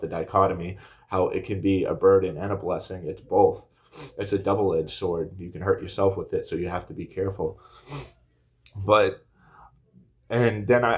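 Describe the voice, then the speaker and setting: A man in his thirties telling a personal story to camera in a rambling, earnest way, full of fillers and restarts, a little emotional. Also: low-pitched. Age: 30s. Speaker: vlogger.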